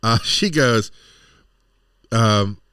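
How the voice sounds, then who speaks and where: A man's voice: fairly low pitch, very slow, fairly bright tone, smooth, dry recording. Dry-voiced man telling rambling stories. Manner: rambling storyteller, exasperated asides. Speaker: podcast co-host. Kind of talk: casual chat.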